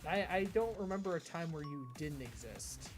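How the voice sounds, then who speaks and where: A man's voice: on the high side, expressive, moderate pace. An American man streaming live, chatting with his viewers in a rambling, chatty way. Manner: rambling and chatty, often reading chat aloud. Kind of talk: casual live-stream chat. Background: background music.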